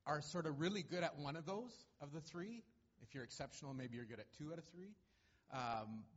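Church administrator, male, husky, a bit high, plain-spoken speaker, lo-fi church audio. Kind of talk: explaining to a congregation. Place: church sanctuary.

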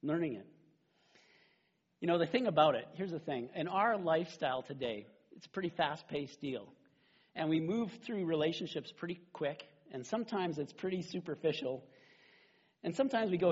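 A middle-aged man preaching a sermon as a pastor, animated and conversational, often checking in with "right?". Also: on the high side, normal speed, husky, dull audio.

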